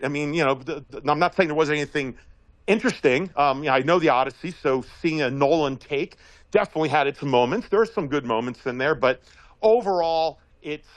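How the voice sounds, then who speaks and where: A man giving a casual, rambling commentary monologue as a regular guest, telling stories in an animated way and laughing often. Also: fairly high pitch, no room sound, poor audio.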